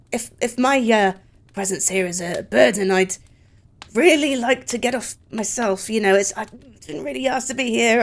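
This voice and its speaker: A woman speaking as her character in a tabletop game, hesitant and filler-laden. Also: on the high side. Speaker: player.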